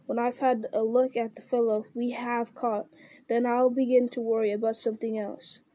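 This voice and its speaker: A growling male orc captain, gruff and commanding, as a woman narrator puts him on. The voice is very dark and mellow, pitched a little high, and the recording is close and dry. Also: level tone, normal speed, dry recording, close to an everyday voice. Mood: dismissive.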